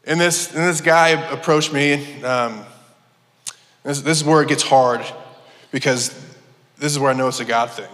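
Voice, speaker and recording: Man, personal testimony, earnest, halting restarts, church hall, long reverb. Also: mid-range voice, fairly bright tone. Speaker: church member giving testimony. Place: church sanctuary.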